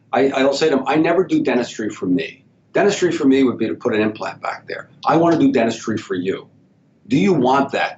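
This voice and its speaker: Male dentist guest, storytelling, mid pitch, dull audio, low rumble. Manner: storytelling, acts out patient dialogue. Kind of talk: casual podcast interview. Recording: slightly dull sound with faint rumble.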